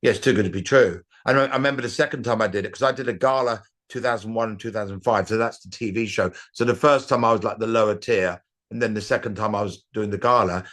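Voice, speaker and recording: A middle-aged comedian telling rambling anecdotes in a casual interview, with restarts and acted-out quotes. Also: male voice, lowish voice, quick pace, fairly bright tone. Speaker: comedian guest.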